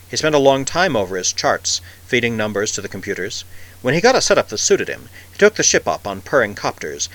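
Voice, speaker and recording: A man's voice: fairly low pitch, fairly bright tone, poor audio. Man reading science fiction aloud. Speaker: audiobook narrator. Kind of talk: scripted science-fiction narration.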